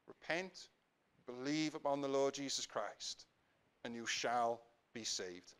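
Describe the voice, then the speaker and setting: A man with a Welsh accent preaching a sermon in church, swelling to fervent emphasis and sinking to quiet prayer. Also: medium pitch, slow pace, smooth. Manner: rises to impassioned emphasis, then drops to quiet prayer.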